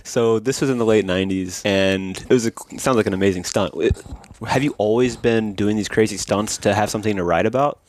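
Low-voiced male podcast host. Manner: chatty, quick to laugh along. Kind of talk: casual interview chat.

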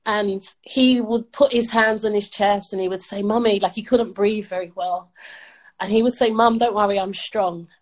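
A woman's voice: mid-range voice, steady tone, moderate pace, poor audio. A middle-aged woman from the UK, an upbeat podcast guest who talks emphatically in a motivational way and laughs often. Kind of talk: motivational interview talk.

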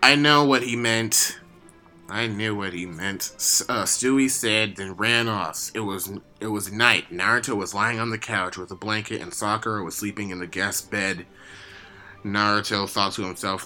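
A man with a low, very bright and sharp voice reads a story aloud and teases his co-host with dry remarks. It is casual comedy banter, with faint music under the voice. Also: normal speed. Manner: dry, teasing. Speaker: podcast co-host reading fan fiction.

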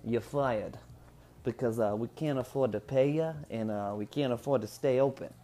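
A man acts out a gruff boss with a Brooklyn accent, blunt and clipped. He gives the bad news flatly, with no softening. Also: mid-range voice, moderate pace, lightly acted. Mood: dismissive. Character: gruff male boss firing a worker.

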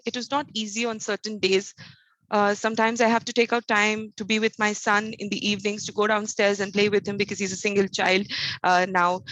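As a podcast guest, a woman answers an interview question earnestly, speaking as an encouraging, faith-centered motivational trainer who stresses her points and often adds "you know" and "right?". Her voice sits on the high side and is a bit bright; the recording is rough but has no room sound.

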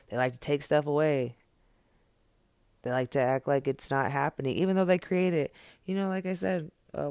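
A man's voice: on the high side, gravelly, a little mellow, no echo. A man speaking straight to camera in an impassioned, unscripted monologue, blunt and profane, hammering his points with repeated phrases.

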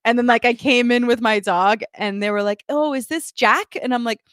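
A woman co-hosting a podcast in casual chat, telling lively anecdotes and acting out what people said. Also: fairly high pitch, fairly quick, clean tone, no room sound, studio quality. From United States. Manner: animated storyteller, acts out quotes with laughs. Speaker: podcast co-host.

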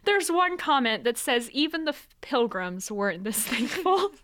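A young woman co-hosting a podcast in casual chat, animated and laughing often, restarting her sentences as she talks. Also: high-pitched, moderate pace. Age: young adult. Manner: animated, laughs often, repeats words while starting sentences. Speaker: podcast co-host.

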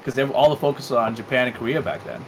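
A man chatting casually on a podcast, talking quickly and rambling. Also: medium pitch, expressive, noisy background. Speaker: podcast co-host. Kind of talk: casual chat.

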